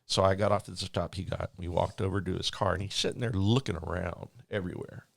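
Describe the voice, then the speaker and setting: A man working as a flight attendant, telling a story in a rambling, animated way with many restarts. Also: low voice, fast talker, creaky, no echo. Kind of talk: casual storytelling.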